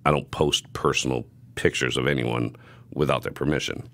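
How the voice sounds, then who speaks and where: A man's voice: a bass voice, fairly even intonation, normal speed, vocal fry, a bit bright. A young man hosting a podcast, telling stories in a profane, laughing, casual way. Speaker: podcast host.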